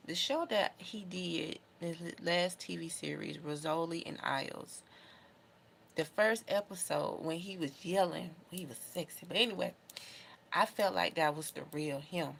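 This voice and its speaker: A woman's voice: fairly low pitch, unhurried, vocal fry, a bit bright, slight background noise. A young adult woman vlogging casually to camera, talking in an emotional, heartfelt, rambling way. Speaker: beauty vlogger.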